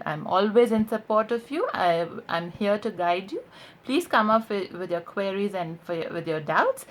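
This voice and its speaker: A woman teaching pronunciation, formal and earnest, with repeated phrases and frequent restarts. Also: medium pitch. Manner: formal, earnest, addresses viewers as ladies and gentlemen. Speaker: English accent tutor. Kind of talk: spoken lesson to camera.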